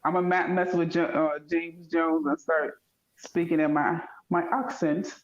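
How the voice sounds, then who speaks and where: A woman's voice: fairly low pitch, flat delivery, a little slow, lo-fi sound. An American woman chatting in an online panel, talkative and teasing, with many fillers. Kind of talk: casual online group chat.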